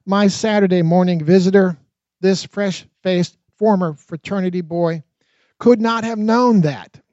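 A man narrating his own memoir in an expressive, dramatic audiobook reading. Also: high-pitched, a little slow, dry recording. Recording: dull, lo-fi dry recording.

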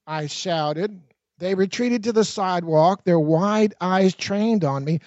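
Man narrating own memoir, high voice, expressive, dry, dull lo-fi sound. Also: dry recording. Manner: expressive, dramatic reading with quick asides.

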